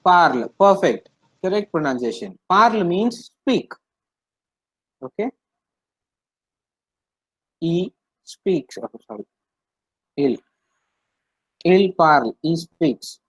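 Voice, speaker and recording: A man leads an online French class with unhurried patience, circling back over each point and filling pauses with hesitations. His voice sits slightly high for a man. The sound is dry and close, as on a video call. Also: sing-song, fairly bright tone, husky, no room sound, rough recording. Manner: patient, repetitive explaining with many fillers. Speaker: French teacher.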